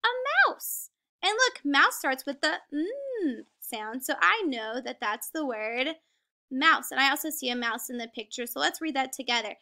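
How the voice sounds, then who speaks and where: A woman teaching a kindergarten reading lesson on video, speaking slowly and encouragingly and stretching words out for small children. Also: sits high, animated, creaky, pushed and bright.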